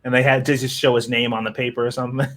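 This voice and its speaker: A man's voice: mid-range voice, little pitch movement, rapid-fire, a bit bright. Man making joking asides on a podcast. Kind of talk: casual podcast chat.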